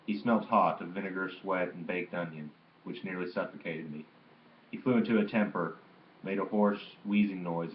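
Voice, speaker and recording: Deep-voiced man reading a memoir aloud. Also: roomy sound, lo-fi sound, slight background noise. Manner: steady, plain reading with occasional slips and restarts. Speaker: audiobook reader.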